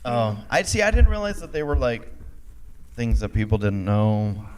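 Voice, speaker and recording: A man hosting a convention panel, joking in a slow, halting way. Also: medium pitch, big pitch swings. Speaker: podcast host moderating a panel. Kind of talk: casual panel chat.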